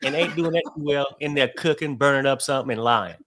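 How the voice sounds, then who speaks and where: An outspoken woman guest on a gossip talk show has a bright, forceful tone. She talks in a sharp, scolding way and comes across as plain-spoken. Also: a bass voice, fast. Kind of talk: casual gossip chat.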